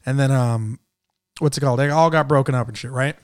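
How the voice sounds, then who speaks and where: A man's voice: medium pitch, fairly quick, clean tone, dry recording, clean studio sound. A man from San Jose, California, telling a comic story in casual chat, acting out the people he quotes and laughing often. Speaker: comedian guest.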